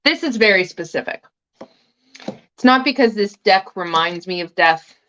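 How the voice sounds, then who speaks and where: A woman talks casually on a livestream and drops swear words without a second thought. Her pitch sits in an ordinary middle range. The sound is dull and a little lo-fi. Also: lively intonation, unhurried, a bit bright, slight background noise. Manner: chatty, eats while talking, swears casually. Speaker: tarot livestream host.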